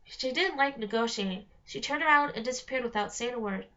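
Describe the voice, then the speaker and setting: A woman reading a novel aloud in a steady storytelling manner, slowing on key phrases. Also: fairly high pitch. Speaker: reader. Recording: dull lo-fi recording.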